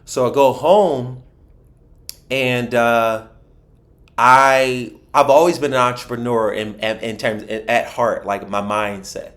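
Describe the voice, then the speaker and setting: A man from Philadelphia recounts his own story as a podcast guest. He talks at a middling pitch, restarts often and acts out what people said along the way. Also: steady tone, slow pace, a bit bright. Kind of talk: personal storytelling in a podcast interview.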